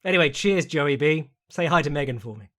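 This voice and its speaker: A man hosting a solo podcast, reading out listener questions and answering in a rambling, chatty way with quick asides. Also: a little high, expressive, a bit bright. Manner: mimics people in quoted voices. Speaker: podcast host.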